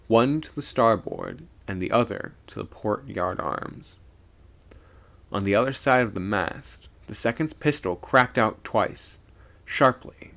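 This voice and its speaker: A man reading a spooky sea story aloud on a live stream, animated, with small stumbles and self-corrections. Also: fairly low pitch.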